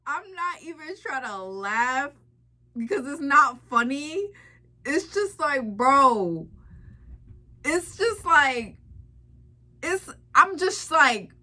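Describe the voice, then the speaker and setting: A woman's voice: high voice, pushed and bright. A woman giving reaction commentary, incredulous and repeating herself as she talks it through. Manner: incredulous, repetitive, laughing asides.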